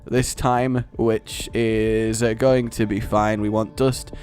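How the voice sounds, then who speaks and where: A man hosting a let's play, commenting in an animated, joking way and rambling off on tangents. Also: lowish voice, takes it slowly, faint music behind. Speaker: gaming channel host.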